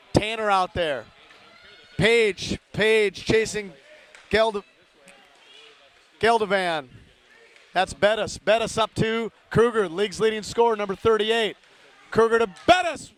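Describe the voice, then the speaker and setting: Male play-by-play hockey announcer, very high voice, rapid name calls, chatty asides to listeners. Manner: rapid-fire calls of player names, rising to shouts on big plays. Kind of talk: live play-by-play commentary.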